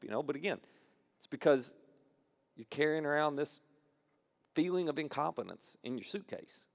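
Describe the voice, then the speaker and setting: A man's voice: a little high, lively intonation, moderate pace, gravelly, pauses often. A male pastor giving a conversational sermon. He repeats phrases for emphasis and acts out quoted lines as he talks.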